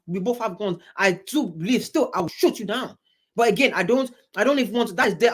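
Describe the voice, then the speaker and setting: A man hosting a reaction video, talking in an animated, emphatic way, with big swings in pitch and many repeated, restarted words. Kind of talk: reaction commentary.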